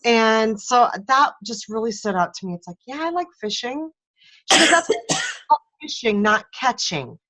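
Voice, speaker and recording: A woman's voice: on the high side, expressive, a little slow, fairly bright tone. A woman in casual chat, earnestly working through an analogy and finishing her co-host's thoughts.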